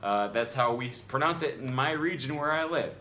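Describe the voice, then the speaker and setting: A man's voice: medium pitch, lively intonation, brisk, bright, forceful tone, slight background noise. A man making a rebuttal in a vlog about language, argumentative and exasperated, with frequent ums. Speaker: language vlogger.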